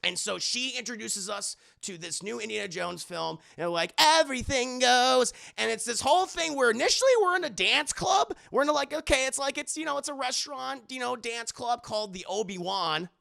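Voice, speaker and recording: Man streamer, rambling and profane movie recap to chat, fairly high, very gravelly. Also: lively intonation, brisk, few pauses, sharp tone. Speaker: movie reviewer and livestreamer. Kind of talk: casual livestream movie review.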